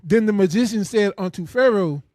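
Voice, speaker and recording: High-voiced man reading scripture. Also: expressive, brisk, a little mellow, no echo. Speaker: scripture reader.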